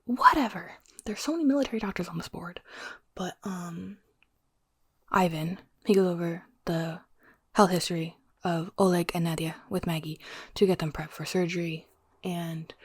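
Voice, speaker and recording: A woman whispering a chatty book recap, keeping her voice hushed and often correcting herself. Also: lowish voice, slightly rough, no room sound, studio quality. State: whispering so as not to wake someone. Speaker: book vlogger.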